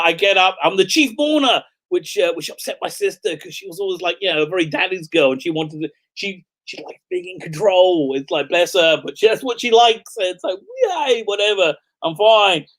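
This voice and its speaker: A man's voice: a little high, fairly bright tone. Middle-aged man, rabbi hosting a casual livestream, rambling storytelling, laughs often, stumbles and restarts. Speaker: rabbi and show host.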